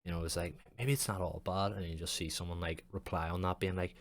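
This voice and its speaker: A young man hosting his own podcast with a very deep voice. He talks in long, loose, jokey rambles and swears almost every sentence. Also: fairly even intonation, fast talker, hardly any pauses. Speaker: podcast host and streamer. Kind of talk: casual podcast chat.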